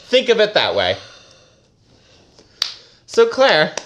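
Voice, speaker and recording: Animated man mock-lecturing on grammar. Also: high voice, slow pace, noisy background. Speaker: podcast co-host. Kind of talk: casual comedic chat.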